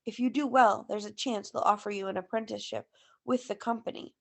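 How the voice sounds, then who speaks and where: A woman's voice: mid-range voice, fairly even intonation, brisk, vocal fry. A woman voicing an earnest ballet teacher speaking in a confiding, urgent way in a read-aloud.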